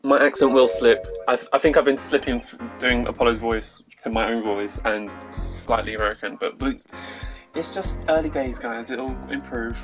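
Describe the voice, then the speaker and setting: Brief: British guy, mid pitch, casual rambling streamer commentary, self-deprecating. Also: normal speed, music in the background, rough recording. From Britain. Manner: chatty, self-deprecating, trailing off. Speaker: gaming streamer.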